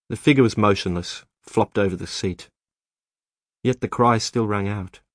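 A man narrating an audiobook in a measured, even storytelling manner, close to the mic. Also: lowish voice, no echo. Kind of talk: scripted narration.

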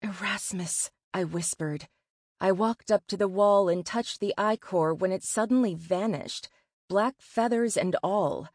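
Female audiobook narrator: measured, expressive, slow, dry close sound. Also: medium pitch, dry recording. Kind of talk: first-person novel narration.

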